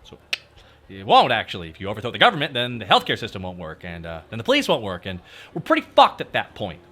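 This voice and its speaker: Male VTuber host, bright and animated delivery, fired-up profane rant to his chat. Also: on the low side, fast talker. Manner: ranting, profane, talks straight to chat. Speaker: VTuber streamer. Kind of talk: casual livestream chat.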